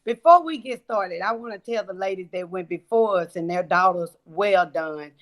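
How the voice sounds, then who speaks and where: A woman, a mother on a church panel who speaks about her daughters in a warm, affirming way. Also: lowish voice, moderate pace. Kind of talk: heartfelt church panel talk.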